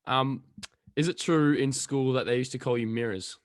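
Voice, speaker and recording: Podcast host with a dry sound. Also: male voice, mid-range voice, moderate pace, no room sound. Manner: short prompting questions. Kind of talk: casual interview chat.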